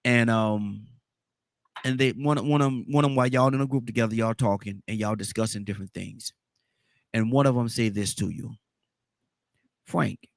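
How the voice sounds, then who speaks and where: A man's voice: fairly low pitch, fairly even intonation, moderate pace, creaky, long pauses, dry recording. A man hosting a call-in talk show, repeating himself often in a rambling, laughing manner. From Atlanta, Georgia, US.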